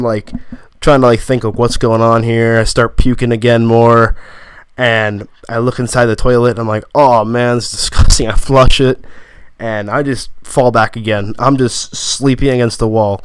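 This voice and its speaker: A man's voice: mid-range voice, clean tone, no room sound. Rambling young man telling a story. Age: young adult. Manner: rambling, lots of fillers and 'like'; quotes friends in quick bursts. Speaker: vlogger. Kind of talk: casual storytelling.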